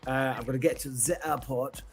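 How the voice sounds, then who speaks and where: A man's voice: medium pitch, steady tone, a little fast. A man, hosting a casual podcast chat, joking and swearing freely. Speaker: podcast host. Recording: noisy background.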